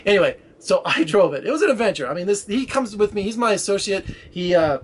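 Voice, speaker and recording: A man talking quickly and with energy, telling a rambling story. His voice sits a little high, and he slips into the voices of the people he talks about. A faint hiss runs under the recording. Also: lively intonation. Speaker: film critic vlogger. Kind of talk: casual storytelling. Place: Las Vegas area.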